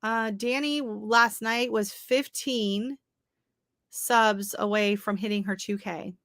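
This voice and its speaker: A woman's voice: medium pitch, steady tone, slow, fairly bright tone, dry recording, clean studio sound. A woman hosting a casual livestream from home, chatting and laughing as she greets viewers and answers their comments. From Canada. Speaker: livestream host.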